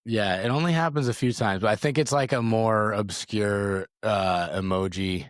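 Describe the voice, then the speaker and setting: A laid-back man co-hosting a podcast, chiming in with easy, agreeing remarks. His voice sits low, and it is recorded dry and close. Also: moderate pace, no echo. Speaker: podcast co-host. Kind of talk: casual podcast chat.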